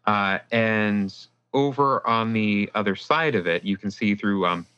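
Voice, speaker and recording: A man's voice: on the low side, a little slow, bright, forceful tone, clear, resonant tone. A man narrating a tabletop game as game master, casual with lots of fillers, on dull lo-fi audio.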